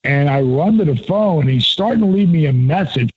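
A man's voice: on the high side, expressive, brisk, breathy edge, narrow, tinny audio. A man in his sixties, a former pro wrestler and guest, telling stories with profanity and emphasis. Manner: profane, emphatic, laughs often. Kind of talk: animated storytelling.

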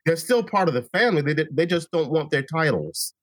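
A man's voice: fairly high pitch, sing-song, a little fast, no echo. A man co-hosting a podcast, talking in a wry, sarcastic, teasing way. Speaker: podcast co-host. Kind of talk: casual chat.

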